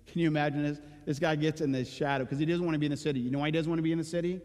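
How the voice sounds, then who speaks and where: Brief: male pastor, conversational sermon, slightly high voice, long church reverb. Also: fairly even intonation, rapid-fire. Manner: conversational preaching with rhetorical questions. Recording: reverberant church hall with loud music.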